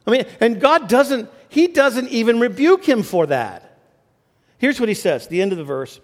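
A man preaching a sermon as pastor, animated, often restarting phrases and rising in pitch for emphasis. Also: normal speed, in a large hall.

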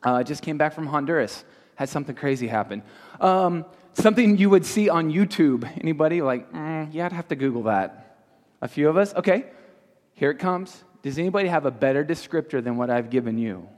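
Expressive and fairly high-pitched with a darkish tone, this man pastors a youth group and teaches by firing one question after another at his listeners. It's recorded in a large, reverberant hall with an audience present.

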